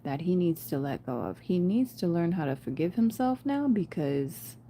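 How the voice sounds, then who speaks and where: A woman's voice: on the low side, animated, normal speed, dark tone, a little hiss or hum. Chatty woman giving a spiritual reading. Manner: chatty, laughs often, addresses viewers as "you guys" and "y'all". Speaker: tarot reader. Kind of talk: casual spiritual reading to camera.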